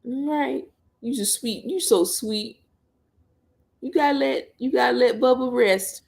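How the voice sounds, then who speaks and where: A woman hosting a casual livestream, gently coaxing and soothing a child, then chatting easily with her viewers. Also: a little high, a little slow, creaky. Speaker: livestream host and mother.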